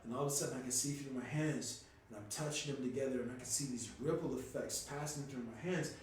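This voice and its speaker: A man telling a personal story on a podcast in a casual, animated way, swearing freely and sometimes rising to a shout. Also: mid-range voice, fast. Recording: echoey room, distant from mic, faint noise.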